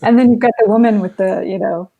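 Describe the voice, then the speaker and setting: A woman's voice: medium pitch, fast talker, phone-quality sound. A woman guest telling stories in a casual interview, laughing often as she goes. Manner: animated anecdotes, laughs often. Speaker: guest, photographer's estate heir.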